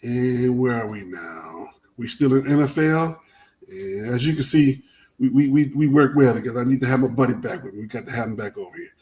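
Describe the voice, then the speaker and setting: A man's voice: mid-range voice, brisk, rough recording. Rambling man hosting sports talk. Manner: rambling, animated storytelling with many restarts. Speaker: sports talk show host. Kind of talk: casual sports chat.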